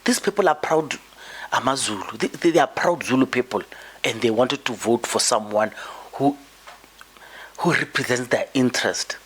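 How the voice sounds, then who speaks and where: Husky-voiced man. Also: mid-range voice, moderate pace, a bit bright. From South Africa. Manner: emphatic, repeats words while building a point. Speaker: podcast host. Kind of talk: opinionated political commentary monologue.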